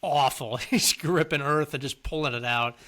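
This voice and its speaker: A man co-hosting a casual podcast, with a bright, slightly high voice. He talks conversationally and keeps handing questions to his partner. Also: normal speed. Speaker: podcast co-host. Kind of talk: casual chat.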